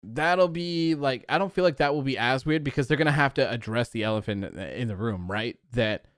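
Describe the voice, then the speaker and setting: Young man, live-stream host, casual rambling chat, crisp voice, dry mic. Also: medium pitch, a little fast, dry recording. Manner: rambling, animated, many "like" fillers.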